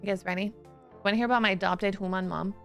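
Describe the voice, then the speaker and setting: A young woman streamer casually telling a story to her chat, giggly and animated, swearing freely. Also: medium pitch, fast talker, gravelly, faint music behind.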